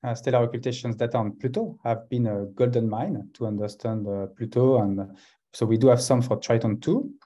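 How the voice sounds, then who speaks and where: A man's voice: medium pitch, normal speed, warm tone, lo-fi sound. A man with a French accent presenting a science talk over a video call, with frequent hesitations. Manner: hesitant, many uhs between phrases. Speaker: guest scientist.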